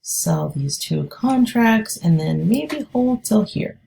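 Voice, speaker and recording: A woman's voice: medium pitch, animated, slow pace, vocal fry, mellow, slight background noise. A woman day trader giving live trading commentary, thinking aloud and hesitant as she talks.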